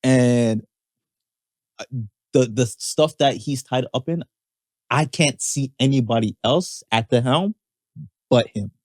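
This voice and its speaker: Man, podcast co-host, easygoing, mid-pitched voice, dry close recording. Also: slow, pauses often. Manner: easygoing, echoes his co-host with short agreements. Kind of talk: casual chat.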